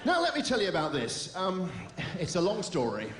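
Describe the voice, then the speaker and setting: A man performing stand-up comedy, rattling off deadpan one-liners and puns. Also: high-pitched, moderate pace, roomy sound, noisy background. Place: theater stage.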